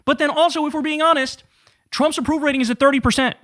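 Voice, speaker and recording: This fast-talking man with a very high voice is in his thirties and runs a casual political commentary show. He rants with heavy swearing and sarcasm, keeping his manner animated.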